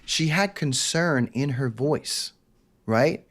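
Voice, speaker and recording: A man's voice: on the high side, lively intonation, takes it slowly, a bit bright. A man, telling a candid personal story as a podcast guest and acting out quoted lines. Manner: intense, confessional, acts out quotes.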